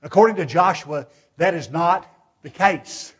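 A man's voice: on the high side, unhurried, husky. A man preaching a sermon in a church. He is emphatic, asks rhetorical questions and calls the listeners brethren. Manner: emphatic, shifts from loud urging to hushed pleading. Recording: dull, lo-fi recording.

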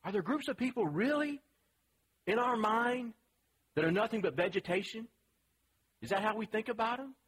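Man, preacher, sermon, slightly high voice, husky, conversational and emphatic. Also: expressive, moderate pace, long pauses, a bit bright, poor audio. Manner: conversational, emphatic, rhetorical questions.

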